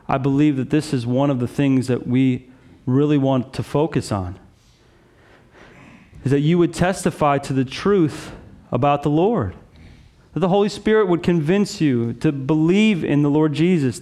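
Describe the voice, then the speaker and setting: Male pastor, sermon, high pitch, conversational, earnest, casual asides. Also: a little mellow.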